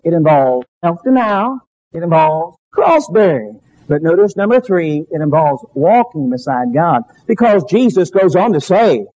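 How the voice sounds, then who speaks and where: A male preacher with a high, lively voice that leaps up and drops low as he drives home each point. He delivers a fervent, emphatic sermon full of dramatic pauses. The recording sounds dull and lo-fi.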